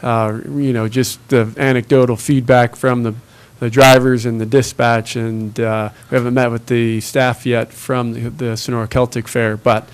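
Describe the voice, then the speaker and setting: Man, public meeting report, smooth voice, halting, filler-heavy. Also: mid-range voice, little pitch movement. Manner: halting, many filler sounds. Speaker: transit staff giving a report.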